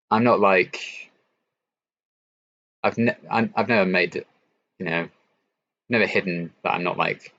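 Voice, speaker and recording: A young man from England hosting a casual late-night live-stream Q&A, answering chat in a relaxed, chatty way with lots of ums and likes. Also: sits low, vocal fry. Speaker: YouTube reaction channel host. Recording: slightly dull lo-fi stream audio.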